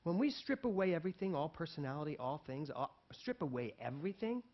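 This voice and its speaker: A male pastor giving a sermon, telling a personal story in an animated way and acting out the people in it, with laughs between lines. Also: a little high, quick pace. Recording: dull lo-fi recording.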